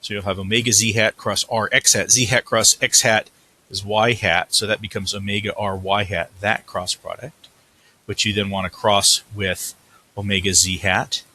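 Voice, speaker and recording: A man's husky, bright-edged voice explains a physics problem step by step, as in a recorded lecture. He thinks aloud as he writes, stops to correct slips and moves on. His delivery is casual and easy. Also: fairly low pitch, level tone, moderate pace. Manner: thinking aloud, self-correcting while writing.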